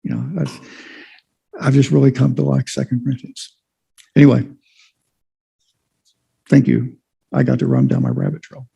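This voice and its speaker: A man's voice: mid-range voice, level tone, moderate pace, vocal fry, long pauses, warm tone, husky, poor audio. A man giving an informal church Bible lesson, rambling with many fillers and restarts. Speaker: Bible study teacher.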